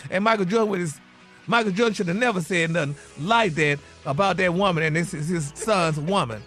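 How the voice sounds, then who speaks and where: A man with a notably high voice runs a morning radio gossip segment. He is sassy and dramatic, leaning on "honey" and "y'all" as he tells it. Faint music sits beneath his voice. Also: a little fast, fairly bright tone. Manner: sassy, peppers every phrase with "honey" and "y'all"; dramatic, exclaiming. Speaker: radio show gossip co-host.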